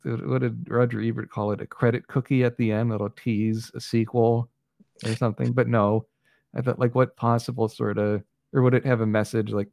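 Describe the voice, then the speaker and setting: A man with a gravelly, fry-edged voice chats casually as a film-review co-host. He rambles wryly and restarts his sentences often. The recording is dry and close. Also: mid-range voice, little pitch movement, normal speed, darkish tone, no room sound. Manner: rambling, hesitant restarts, wry. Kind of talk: casual chat.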